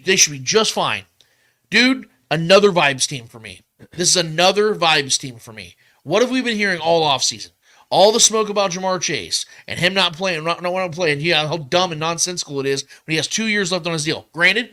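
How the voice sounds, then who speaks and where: Fast-talking high-voiced man arguing football. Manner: animated, talks fast and repeats himself to make points. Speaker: podcast host. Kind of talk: casual sports debate.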